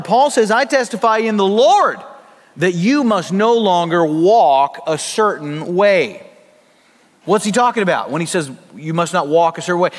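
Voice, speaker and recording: Male pastor, high voice, conversational sermon delivery, long hall reverb. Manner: conversational preaching with acted asides.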